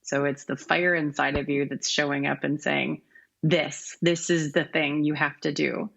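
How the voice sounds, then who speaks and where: A woman's voice: low-pitched, level tone, measured pace, creaky, a bit bright. A woman guest on a podcast, talking in an upbeat, encouraging way with vivid images. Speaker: guest, brand strategist and speaker. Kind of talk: casual interview chat. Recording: dull lo-fi sound.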